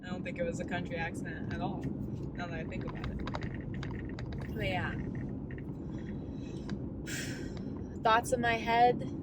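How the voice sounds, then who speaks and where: A woman's voice: lowish voice, fairly even intonation, slow, pauses often, heavy background noise. A woman in her thirties in a casual, candid vlog rant, rambling as she coaches herself through her thoughts. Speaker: vlogger.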